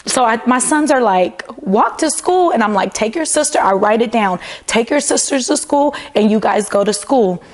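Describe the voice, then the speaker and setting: A woman's voice: on the high side, normal speed, hardly any pauses. A woman in her thirties, an interview guest telling a personal story in a conversational way, filling her speech with "like" and quoting what she said and thought back then. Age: 30s. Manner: conversational, frequent "like" fillers, quotes her own past words.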